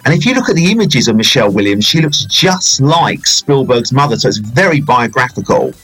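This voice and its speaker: A man's voice: mid-range voice, big pitch swings, fairly quick, a bit bright, breathy edge, poor audio. A man, a film reviewer, chatting casually on a podcast, rambling with fillers and playful banter.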